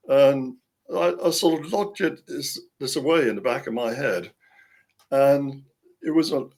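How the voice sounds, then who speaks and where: Guy telling a long story, keeps chuckling and going off track, average pitch. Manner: rambling, chuckling, frequent restarts. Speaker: author, interview guest. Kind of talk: casual storytelling.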